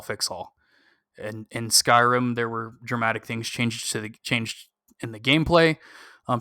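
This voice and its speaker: A man's voice: medium pitch, pushed and bright, dry recording, studio quality. A man talking casually on a gaming podcast, giving cautious, opinionated advice with frequent "um" fillers. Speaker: podcast co-host.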